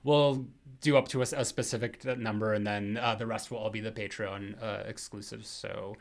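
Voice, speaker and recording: A man hosting a podcast in casual chat, relaxed and hedging, often repeating words. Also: lowish voice, moderate pace. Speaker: podcast host.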